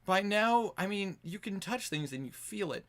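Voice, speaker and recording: High-pitched, animated, and a bit bright, this man's voice moves at a moderate pace. He's the game master narrating a tabletop game on an online voice call, rambling loosely with plenty of fillers like "like" and frequent restarts.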